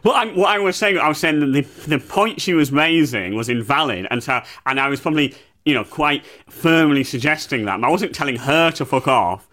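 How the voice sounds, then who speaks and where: A man's voice: fairly high pitch, animated, fairly quick, a bit bright. A man co-hosting a comedy podcast, in playful, rambling casual chat. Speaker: podcast co-host.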